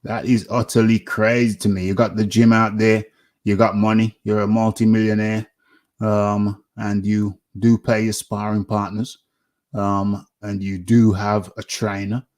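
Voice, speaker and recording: A man hosting a casual boxing talk show, speaking haltingly with many fillers and restarts. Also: lowish voice, completely flat delivery, darkish tone.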